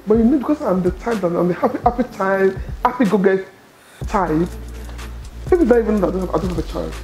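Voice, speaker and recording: A middle-aged Nigerian woman telling her story as an interview guest, expressive and quick to laugh. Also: medium pitch, soft background music. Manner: expressive, laughs often, acts out quoted dialogue. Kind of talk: animated personal storytelling.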